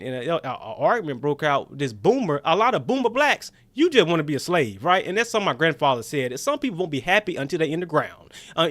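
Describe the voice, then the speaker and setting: A young man rants through a casual livestream in a high, lively voice that keeps jumping around. He sounds defiant and heated and circles back to repeat his points. The sound is dry and close, with no room echo. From Jackson, Mississippi. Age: 20s. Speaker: political livestreamer. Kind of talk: casual political rant.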